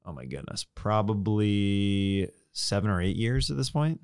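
A man's voice: fairly low pitch, animated, a little slow, smooth, no room sound, studio quality. A man who is a comedian, chatting as a podcast guest in an easygoing way and laughing often. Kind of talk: casual podcast chat.

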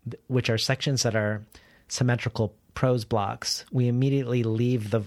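A man's voice: fairly low pitch, no echo. A man interviewing an author, asking long, careful questions with small restarts.

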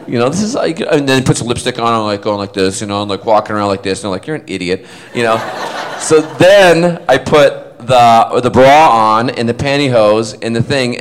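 A middle-aged man on stage at a fan panel, telling funny stories and acting out the quotes as he goes. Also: medium pitch. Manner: animated storyteller who acts out quotes. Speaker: convention panel guest. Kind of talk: casual anecdote telling on stage.

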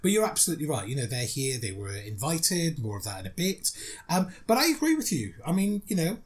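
A man co-hosting a chatty podcast, his voice sitting a little high and moving a lot, with easy laughter running through his talk. He sounds upbeat and conversational. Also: fairly quick. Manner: lively, laughs often. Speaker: podcast co-host. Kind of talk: casual chat.

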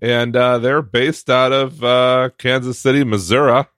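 A man's voice: mid-range voice, fairly even intonation, a little slow, a bit bright, no room sound, clean studio sound. A man co-hosting a podcast in casual chat, sarcastic and joking, laughing often as he talks. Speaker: podcast co-host.

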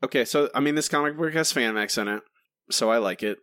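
A man co-hosting a casual comics podcast, talking quickly and joking with his co-host. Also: medium pitch, a bit bright, no echo, studio quality. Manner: quick, joking, laughs often.

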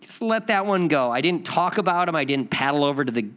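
A man's voice: fairly high pitch, lively intonation, fast, fairly bright tone. A man hosting a spiritual lesson, telling a rambling personal story with many restarts and repeats before reading.

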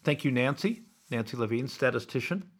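A man's voice: medium pitch, animated, fairly quick, slightly rough. A man, hosting a podcast as a rambling solo monologue full of wry asides and digressions. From Iowa, USA. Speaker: podcast host.

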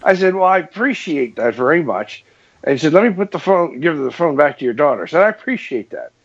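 A New England man with a slightly rough voice on the high side speaks briskly, and the recording has a muffled lo-fi sound. In casual chat he tells a long story with animation, acting out the dialogue and laughing often.

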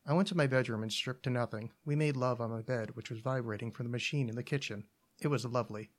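Calm man reading a short story. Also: mid-range voice, quick pace.

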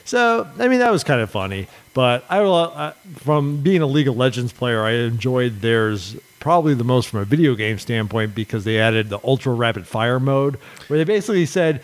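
A man co-hosting a casual chat, telling stories in an animated way and breaking into high-pitched impressions of other people. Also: moderate pace. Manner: animated storyteller, mimics people in high voices.

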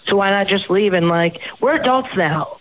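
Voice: mid-range voice, animated, normal speed, a bit bright, a little hiss or hum. Rambling chatty host, dull audio. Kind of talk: casual chat.

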